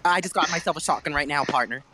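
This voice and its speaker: A woman's voice: low voice, heavy background noise, natural voice. A man imitating a chatty young woman gamer with a Southern US country accent, who calls out every move and ends each line with a drawled tag. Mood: chattery. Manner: announces everything, drawn-out partner tags.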